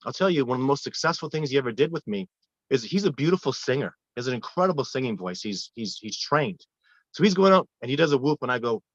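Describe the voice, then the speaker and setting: A man who guides wilderness expeditions, telling earnest, animated stories in a casual interview with frequent restarts. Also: mid-range voice, no room sound. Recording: dull, lo-fi dry sound.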